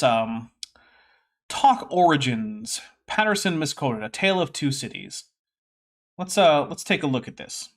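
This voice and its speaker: A man hosting a casual commentary stream, reading text aloud with wry, sarcastic asides. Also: mid-range voice. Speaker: host.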